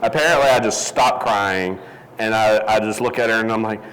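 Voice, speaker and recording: A man's voice: lowish voice, animated, moderate pace, background noise. Rambling man telling a story in a hall. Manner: rambling, self-deprecating, many fillers. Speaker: interview guest. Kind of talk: casual storytelling. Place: event hall.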